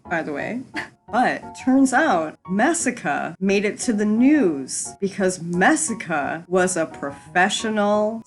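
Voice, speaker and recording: A young adult woman hosting a casual storytime chat, rambling and frank, with lots of fillers and easy swearing. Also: mid-range voice. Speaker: storyteller host.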